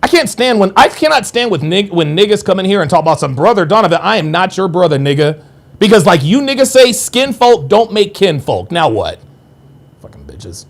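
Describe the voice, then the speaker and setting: Hosting a live-stream podcast, a very animated man reads viewer chat aloud and fires back briskly in a combative, profane way. He swings between low mutters and sharp, high outbursts.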